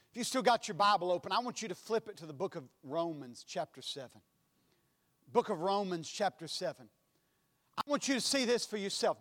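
A man preaching a sermon in a church, impassioned, swinging between loud and soft passages. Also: sits high. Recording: long hall reverb.

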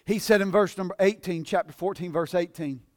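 During a church service, a man delivers a sermon at a slightly quick pace, shifting between shouted fervor and quiet, conversational teaching.

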